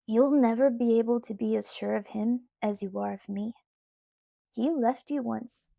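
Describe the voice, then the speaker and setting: A cocky, cheerful teenage boy, read by a woman, speaks in an easygoing, coaxing way. The reader's voice stays mellow and a little high, without a deep put-on tone. The recording is close and dry. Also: a little slow, gravelly, dry recording, full character voice.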